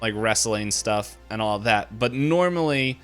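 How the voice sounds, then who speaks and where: A man running a tabletop game as game master, unhurried and hesitant with many fillers. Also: lowish voice, lively intonation, a bit bright, clean tone, soft background music.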